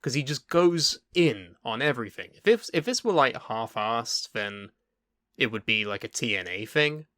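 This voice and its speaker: A man's voice: medium pitch, animated, moderate pace, sharp tone, no room sound, studio quality. A man co-hosting a wrestling podcast, talking in casual chat, thoughtful and a bit hesitant. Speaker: podcast co-host.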